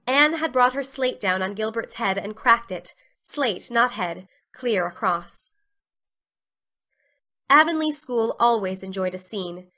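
A woman narrating a classic novel as a dramatic storybook reading, with expressive storytelling. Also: medium pitch, unhurried.

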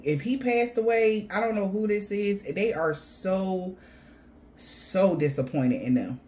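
A woman giving a casual spiritual reading, rambling and blunt, swearing freely. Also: on the low side. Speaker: tarot reader.

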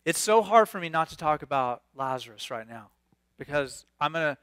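A man preaching a sermon, reading scripture aloud and riffing on it with animated, excitable asides. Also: a little high, moderate pace, smooth. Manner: animated, reads scripture then riffs with sudden bursts of excitement. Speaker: pastor.

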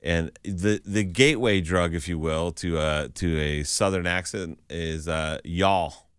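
A man's voice: sits low, unhurried, clear, resonant tone, no echo, studio quality. A man with a Western Massachusetts accent co-hosting a radio morning show, bantering playfully and laughing often. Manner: playful, laughs often, slips into mocking voices. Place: radio studio.

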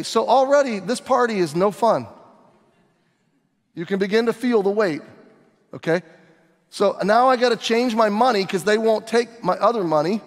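A man preaching in a church hall, acting out the story in first person with lively, dramatic turns. His voice sits on the higher side for a man, and the long reverb of the room trails each phrase. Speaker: pastor. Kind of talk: sermon.

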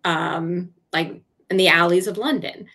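A woman's voice: on the low side, a little slow, bright, forceful tone. A woman co-hosting a podcast, chatting casually and telling stories with animation, laughing often. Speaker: podcast co-host, author. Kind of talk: casual chat.

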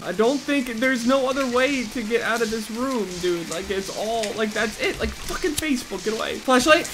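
A young man commentating a horror survival game, panicky and swearing, yelling at the game as he plays. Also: sits high, animated, normal speed, few pauses. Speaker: gameplay streamer. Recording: loud game music behind the voice.

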